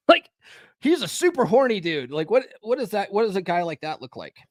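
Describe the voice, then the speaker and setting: A man hosts a live stream podcast in a fairly high voice, animated and loose with swearing. He talks with lots of fillers and "okay?" tags. The sound is dry and close. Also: normal speed, no echo. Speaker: podcast host. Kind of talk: live stream commentary and book reading.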